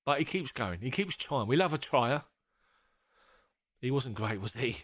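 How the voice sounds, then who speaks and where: A man's voice: medium pitch, expressive, measured pace, fairly bright tone, dry recording, clean studio sound. Chuckling man on a fan stream. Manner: jokey, laughs often, swears casually. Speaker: host of a fan live stream. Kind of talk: casual live-stream chat.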